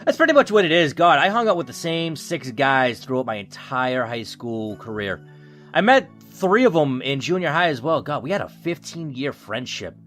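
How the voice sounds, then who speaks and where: An animated man narrating and commenting on a video game, voice rising and falling in a lively way. He jokes and reads story text, with soft game music beneath. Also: medium pitch, moderate pace. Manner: jokey, emotional, reads aloud. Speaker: gaming YouTuber. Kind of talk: let's play commentary and narration. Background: faint game music.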